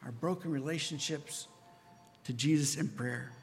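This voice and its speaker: A man's voice: on the high side, measured pace, long reverb tail, soft background music. A man preaching a sermon in an earnest, conversational way, often asking "right?" of his listeners. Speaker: pastor.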